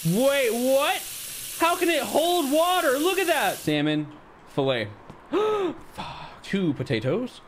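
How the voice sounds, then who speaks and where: A man's voice: slow pace, slight background noise. Frantic young man streaming a game. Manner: frantic, swings from mock-calm to high panicked yelps, swears a lot. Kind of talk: live gameplay commentary.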